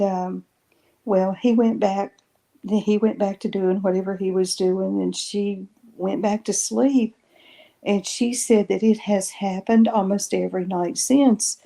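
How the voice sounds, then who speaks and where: A woman's voice: medium pitch, gravelly, mellow. A woman guest on a podcast, telling a personal story in a casual way and retelling each conversation line by line with many "I said" and "she says". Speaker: guest sharing paranormal experiences.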